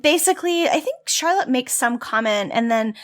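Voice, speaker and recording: A woman co-hosting a casual podcast recap with a fairly high, lively voice that swoops around as she talks. She keeps slipping into playful put-on voices to quote the characters. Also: moderate pace. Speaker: podcast co-host. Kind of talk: casual chat recapping a TV episode.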